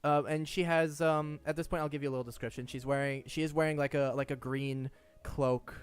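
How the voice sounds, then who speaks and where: A man running a tabletop game as game master, describing scenes in a rambling, halting way with many restarts. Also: on the high side, steady tone, clear, resonant tone.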